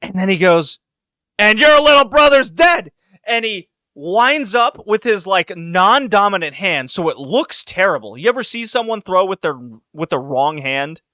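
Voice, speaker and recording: A man with a bright, forceful voice a little above the usual pitch tells a story with lively, laughing energy. The mic is close and the sound is dry, with no room around him. He speaks in a casual podcast style. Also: normal speed, hardly any pauses, no room sound. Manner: animated storytelling, laughing, voices rising when excited. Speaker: podcast co-host.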